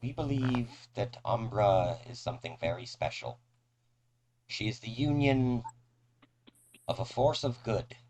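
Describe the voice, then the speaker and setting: A man voicing a zealous female cultist who speaks in a measured, reverent way. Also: lowish voice, expressive, darkish tone, a little hiss or hum, pitched above the performer's own voice, rough recording. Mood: solemn.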